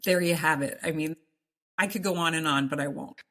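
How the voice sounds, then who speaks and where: Speaking briskly with a fairly bright tone in her deep, low voice, a middle-aged woman gives an emotional account of her faith as an interview guest. She presses her points earnestly, repeating words to emphasize them.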